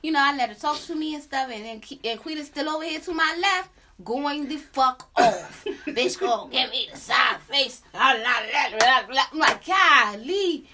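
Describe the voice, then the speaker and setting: High, bright-voiced woman podcast host. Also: normal speed, a little hiss or hum. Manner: animated, profane, sings out la la la asides. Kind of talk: casual storytelling chat.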